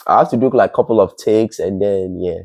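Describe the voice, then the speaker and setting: A man's voice: on the low side, brisk, dry recording. A young man with a Nigerian accent, telling a story in a casual interview, laughing often and acting out what his friends said. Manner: animated, laughs often, acts out quoted friends. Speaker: guest.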